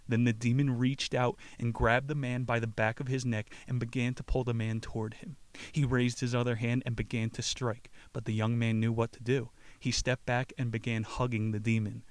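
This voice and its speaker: A man's voice: mid-range voice, little pitch movement, normal speed, no room sound. A man hosting a podcast who casually comments on a book and reads it aloud, rambling in profane slang. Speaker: podcast host.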